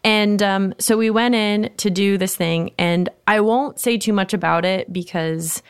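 A woman chatting as a podcast guest, animated and laughing as she tells her story. Her voice sits in a mid range and sounds close and dry, with no room around it. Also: mid-range voice, unhurried, smooth, no room sound. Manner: animated, laughing anecdote telling. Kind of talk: casual podcast chat.

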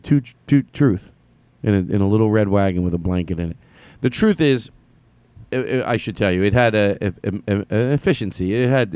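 A man's voice: fairly low pitch, a little mellow, no room sound. A man hosting a podcast, telling a story in a rambling, self-mocking way with stammering restarts. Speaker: podcast host. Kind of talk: comedic monologue.

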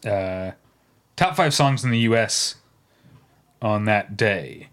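A man's voice: on the low side, slow, fairly bright tone. A man in his thirties co-hosting a podcast in casual chat, rambling a little with fillers as he runs through a segment. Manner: chatty, rambling with fillers, breaks into brief off-key singing. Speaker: podcast co-host.

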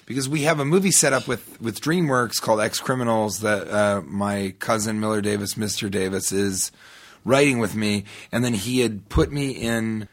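A man with a fairly low voice shares a long anecdote as a talk show guest. His delivery is loose and rambling, full of restarts and side comments, with the casual feel of a conversation. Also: normal speed. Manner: rambling, with frequent restarts and asides.

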